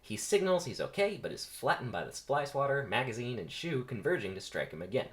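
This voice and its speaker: A man's voice: medium pitch, sing-song, brisk, a bit bright. A man casually reading stage directions aloud on a first, unrehearsed read. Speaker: script reader.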